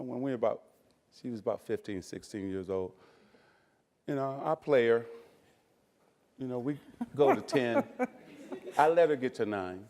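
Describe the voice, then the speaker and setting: Chatty low-voiced man on stage. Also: a little mellow. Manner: chatty, laughs often, many "you know" and "uh" fillers. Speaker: guest speaker. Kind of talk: on-stage interview answers. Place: stage before a live audience.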